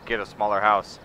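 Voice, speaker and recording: A man streaming a farming game, muttering wry casual commentary to himself as he plays. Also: fairly low pitch. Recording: noisy background.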